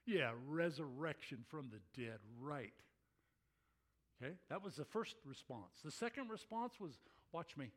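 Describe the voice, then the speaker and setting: Animated male pastor preaching. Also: a little high, unhurried. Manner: animated preaching, acts out voices of listeners. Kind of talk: sermon.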